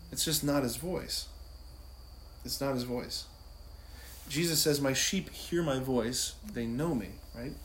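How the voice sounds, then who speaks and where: Animated man in casual faith talk. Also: fairly high pitch, slight background noise. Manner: conversational and animated, keeps asking "right?"; laughs easily while talking. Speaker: Catholic speaker.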